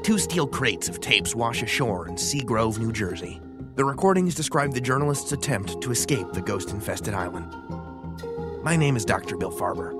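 A man's voice: lowish voice, close to an everyday voice. A man as solemn researcher Doctor Farber. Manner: measured and solemn. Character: Doctor Bill Farber, grave male researcher presenting found tapes. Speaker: narrator of a recorded intro. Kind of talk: scripted dramatic narration. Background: music.

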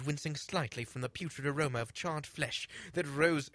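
A man's voice: mid-range voice, moderate pace, few pauses, bright, forceful tone, dry recording. A man doing a comic dramatic reading of a fantasy story, theatrical and stopping to comment. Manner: theatrical, breaks off to comment and laugh.

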